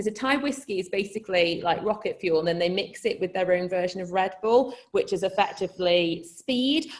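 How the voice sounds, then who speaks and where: A woman with a Scouse accent telling a comic story to a live crowd, chatty and self-mocking, laughing mid-sentence and swearing freely. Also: medium pitch. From Liverpool, England.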